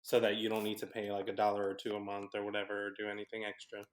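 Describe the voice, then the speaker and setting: A man's voice: fairly low pitch, monotone, racing. A young man co-hosting a podcast, chatting enthusiastically and rambling off track. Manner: enthusiastic, rambling, loses his train of thought. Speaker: podcast co-host. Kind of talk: casual chat.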